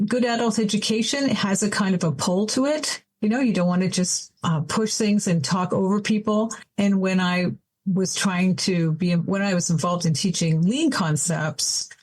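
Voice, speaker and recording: An older woman with a Canadian accent, a guest on a podcast interview, explaining her work as an adult educator in a measured, thoughtful way. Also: lowish voice, darkish tone, poor audio.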